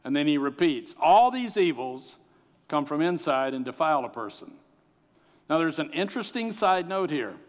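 A man delivers an earnest sermon as pastor, his voice a little higher than most men's. His voice sometimes sinks to soft, pleading tones. It rings out with a long reverb, as in a large church. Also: lively intonation, moderate pace.

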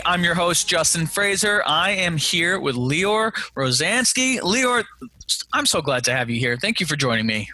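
Picture a male podcast host with a bright, forward, slightly high voice. He talks in a chatty, upbeat way and leans on plenty of fillers. The sound is dry and close, with faint music under it. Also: very animated, moderate pace, no echo. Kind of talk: casual interview chat. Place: home setup in New Jersey.

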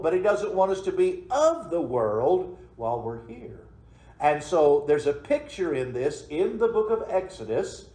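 A man's voice: on the high side, darkish tone, roomy sound, poor audio. A man preaching a sermon as pastor, folksy and calling out questions to the congregation. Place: church sanctuary.

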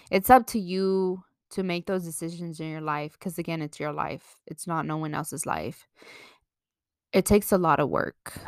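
A woman's voice: lowish voice, dry recording, clean studio sound. A young woman giving casual life advice to camera, chatty and frank, swearing freely and slipping into Mexican Spanish now and then. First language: bilingual, slips into Mexican Spanish. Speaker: vlogger.

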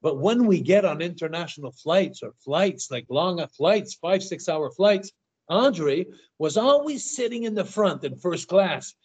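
A fairly high-voiced older man spins stories in a loose, conversational way. He trips over his words and repeats himself as he goes. The sound is dull and lo-fi. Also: a little slow, slightly rough. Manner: stammers and repeats words, animated anecdotes. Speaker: guest. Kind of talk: casual interview storytelling.

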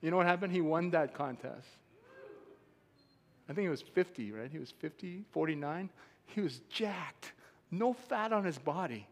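A man preaching a sermon as a pastor, emphatic and rising to loud shouts. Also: a little high, animated, moderate pace. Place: church sanctuary. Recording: long hall reverb.

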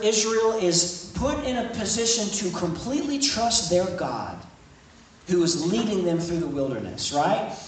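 A high-voiced man leads a church service as pastor, reading scripture and then explaining it in loose, conversational speech that repeats words and restarts sentences. He stands some distance from the mic, so the room's echo carries his voice. A faint hiss sits under the recording. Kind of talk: evening sermon with scripture reading. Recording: echoey room, speaker off-mic, faint noise.

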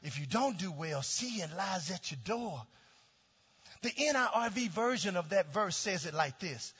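A middle-aged male pastor preaching a sermon with call-and-response, swinging from shouts down to low, quiet tones. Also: animated, measured pace, husky. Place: church sanctuary. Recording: dull sound with long hall reverb.

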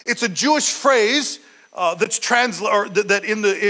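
A man preaching a sermon, retelling a Bible story with animated storytelling and acted-out quotes. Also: high-pitched, moderate pace, low-quality recording. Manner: occasional stumbles and restarts.

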